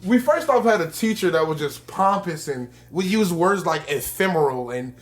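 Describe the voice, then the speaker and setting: A young man co-hosting a podcast in casual chat. His pitch swoops up and down constantly, and he talks in a profane, joking, animated way as he tells stories. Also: moderate pace, faint music behind. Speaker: podcast co-host.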